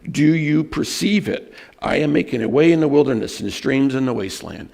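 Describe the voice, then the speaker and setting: A man preaching a sermon as pastor, telling personal stories in an earnest way and slowing down to stress scripture. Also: medium pitch, expressive, gravelly, a little mellow. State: emotional at moments.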